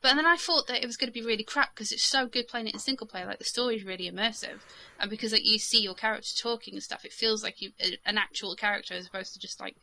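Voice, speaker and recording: A woman's voice: fairly high pitch, fast, bright, forceful tone. A young woman co-hosting a casual gaming podcast, chatty and full of fillers, laughing often. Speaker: podcast co-host.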